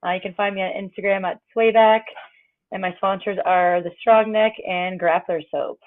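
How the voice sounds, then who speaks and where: A woman's voice: mid-range voice, fairly even intonation, normal speed. A woman from Nova Scotia, a guest on a stream who plugs her gym in a brief, matter-of-fact way. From Cape Breton, Nova Scotia, Canada. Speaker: guest grappler. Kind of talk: casual chat. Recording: tinny phone-like call line.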